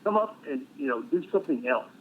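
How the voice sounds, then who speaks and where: A middle-aged man swaps war stories in a blunt, profane way with dark humor. His voice sits in an ordinary middle register. It comes through a thin, phone-like line with a faint hiss behind it. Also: medium pitch, lively intonation, fast. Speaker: military veteran guest. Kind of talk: casual storytelling on a live stream.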